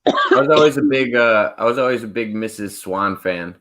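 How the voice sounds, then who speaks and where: A man, a father, chatting casually on a live stream in a relaxed way and often laughing. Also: on the low side, normal speed. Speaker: co-host. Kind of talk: casual chat.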